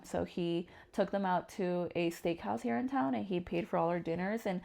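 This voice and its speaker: A young woman speaks as an interview guest, her voice carrying a gravelly edge. She tells personal stories with animation and acts out the voices of the people in them. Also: lowish voice, fairly even intonation, normal speed, few pauses, dark tone. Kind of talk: candid personal storytelling in an interview.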